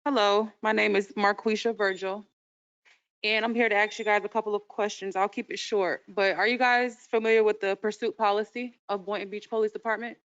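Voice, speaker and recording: Woman public commenter; clear, smooth voice, pointed delivery, muffled meeting recording. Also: mid-range voice, steady tone, a little fast, fairly bright tone. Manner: direct, challenging, reads aloud from a policy. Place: council chamber. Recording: dull lo-fi meeting audio.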